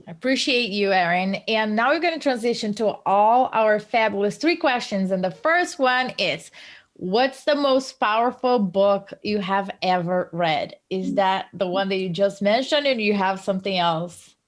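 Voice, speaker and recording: A woman's voice: medium pitch, lively intonation, normal speed. A woman hosting a podcast interview, asking questions in a friendly, upbeat way. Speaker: podcast host.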